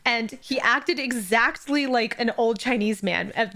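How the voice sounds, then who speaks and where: A woman's voice: on the high side, a little slow, sharp tone. A young woman co-hosting a casual book-discussion podcast, thoughtful and enthusiastic, slipping briefly into quoted voices. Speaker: podcast co-host.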